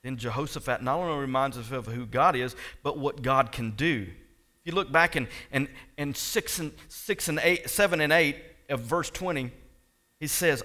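Here a male pastor delivers a sermon at a moderate pace and medium pitch. He talks directly to the congregation, moving between soft asides and loud, impassioned passages.

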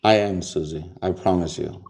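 A man's voice: low voice, normal speed. A man livestreaming a phone call to his therapist, sounding raw and teary after crying. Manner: tearful, raw, swings to loud and agitated. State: just finished crying.

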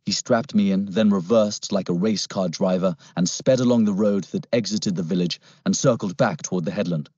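A man narrating an adventure audiobook in first person with a steady storytelling manner. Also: low-pitched, moderate pace, few pauses, no echo. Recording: dull lo-fi, dry recording.

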